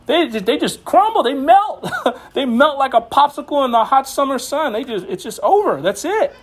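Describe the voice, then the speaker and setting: A man's voice: very high voice, very animated, normal speed. A man giving a casual sermon as a Bible teacher, passionate and slangy, often laughing as he preaches.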